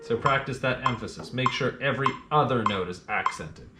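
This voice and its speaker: A man's voice: medium pitch, normal speed. A male piano teacher patiently explaining a scale exercise, counting beats aloud as he plays. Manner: counts beats aloud and hums rhythms while playing; patient, plain instructions to the learner. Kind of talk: step-by-step music lesson. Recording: roomy sound with piano playing.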